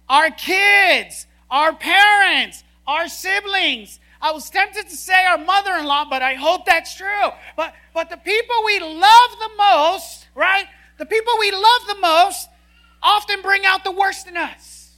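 A woman preaching a sermon in an animated, joking, emphatic way. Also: extremely high pitch.

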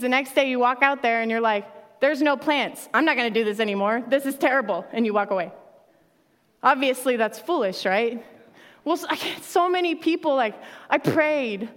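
A woman's voice: sits high, in a large hall. A woman pastor preaching a sermon in a conversational way, laughing often and acting out quotes.

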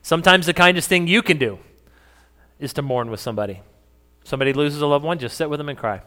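Bright-voiced pastor in an echoey hall. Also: male voice, a little high, quick pace. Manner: conversational, joking with the congregation. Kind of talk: sermon.

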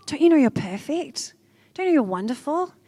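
Soft-spoken, tender Jesus, as a woman preacher puts him on, gently coaxing and reassuring. The voice stays quiet, hushed and close, with a dry sound and no room echo. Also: high-pitched, sing-song, brisk.

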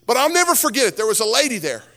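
A man's voice: extremely high pitch, sing-song, very fast, bright, forceful tone. A man preaching a sermon as a pastor, telling a story and building to impassioned exhortation. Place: church sanctuary with worship music. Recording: reverberant hall with music behind.

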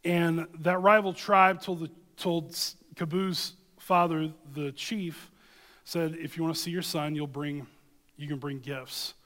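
A man delivers a sermon with earnest emphasis, moving between scripture reading and storytelling. His voice sits a little high for a man. The sound carries a long reverb, as if from a church sanctuary. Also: fairly even intonation, a little slow, a bit bright. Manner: earnest, emphatic, addresses listeners with "okay?". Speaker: preacher.

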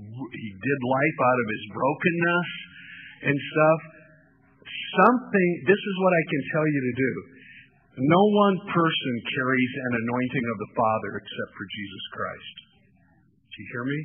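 A man preaching a sermon with passion and a hoarse voice, stretching out key words. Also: medium pitch. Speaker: pastor. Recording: tinny phone-like line.

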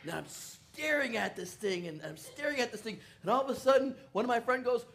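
Speaking very fast in a very high-pitched voice with hardly any pauses, a male pastor delivers a storytelling sermon, praying and recounting personal experiences while acting out the voices of the people in them.

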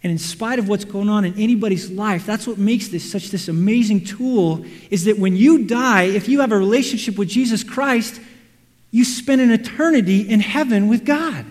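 A man preaching a sermon, animated, acting out quotes and everyday scenes. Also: sits high, moderate pace. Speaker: pastor. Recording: reverberant hall.

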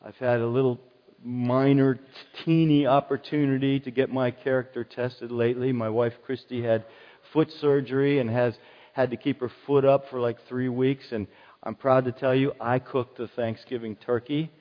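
A man's voice: medium pitch, flat delivery, moderate pace. A middle-aged male pastor preaching a sermon in an earnest, conversational way, often repeating his key phrases. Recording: dull sound with long hall reverb.

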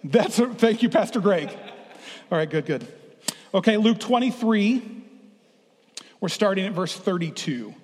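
A man's voice: high-pitched, animated, measured pace, long pauses, darkish tone. A middle-aged man preaching a sermon as pastor, playful and drawing the congregation into the reading. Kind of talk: interactive sermon. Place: church sanctuary. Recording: long hall reverb.

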